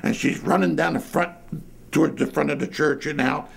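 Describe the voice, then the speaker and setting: A man's voice: on the high side, normal speed, gravelly, slightly rough. An older man telling a colorful story about his boyhood during an interview, speaking from inside a dim church. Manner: colorful, lively anecdote telling.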